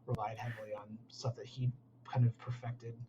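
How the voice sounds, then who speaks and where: A man's voice: medium pitch, flat delivery, normal speed, mellow, slightly rough, dull audio. A man who works as a concept artist, speaking as a guest in a casual interview and rambling with many fillers.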